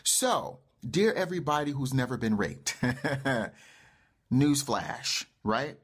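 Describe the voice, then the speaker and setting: A man hosts his own life-coaching show and delivers an impassioned monologue. His voice is husky and slightly rough, set at an ordinary middle pitch. He speaks emphatically and pushes into fervent, insistent passages. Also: expressive, slow pace. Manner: emphatic, rising to fervent outbursts.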